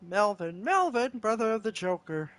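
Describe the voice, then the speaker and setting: A man's voice: high-pitched, very animated, moderate pace, a bit bright. A man goofing around with an AI character, rambling silly jokes and giggling. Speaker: user chatting with an AI character. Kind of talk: goofy joking chat.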